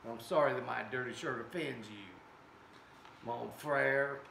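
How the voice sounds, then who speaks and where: Testing air guns in an indoor workshop, an American man chats to viewers with joking asides in his mid-range, gravelly voice, a little slow. A camera set far away captures this casual vlog. The room is echoey and noisy in the background.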